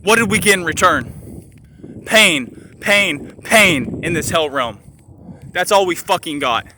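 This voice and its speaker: A high-pitched man with a bright, cutting voice preaches a heated, profane spiritual rant into his phone outside in the sun. He keeps hammering the same phrases for emphasis. Faint street ambience and passing cars sit underneath. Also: expressive, normal speed, a little hiss or hum. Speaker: spiritual vlogger. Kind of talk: impassioned spiritual rant to camera. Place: outdoors in sunlight.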